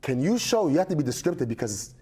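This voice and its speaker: A man's voice: a little high, fast talker, slightly rough. A man as a podcast guest, telling a story in casual chat and acting out the voices of the people in it. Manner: animated, acts out quoted voices.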